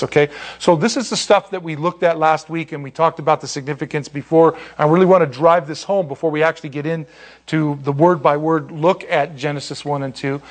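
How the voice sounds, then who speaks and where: A man leads an informal Bible class, talking in a chatty, animated way. His voice sits a little high. He restarts phrases often and drifts into asides. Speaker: pastor teaching a Bible study.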